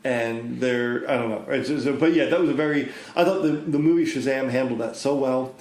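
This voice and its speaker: A man of middle pitch chats on a podcast in a relaxed way, often stopping and restarting his sentences. His voice echoes in the room around him. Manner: relaxed, halting, many fillers. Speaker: podcast co-host. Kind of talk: casual chat.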